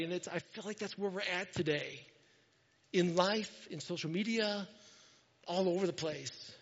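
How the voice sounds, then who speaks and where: A pastor telling a story in a sermon, animated and self-mocking, acting out what people said. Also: male voice, high voice, normal speed, big-room sound, highs cut off.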